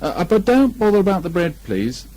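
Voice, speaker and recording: A man's voice: high-pitched, big pitch swings, brisk, pitched above the performer's own voice. A man voicing a greedy, simple-minded male teddy bear in a storybook reading, bumbling and hesitant, on a muffled old tape. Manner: bumbling, hesitant, loud exclamations.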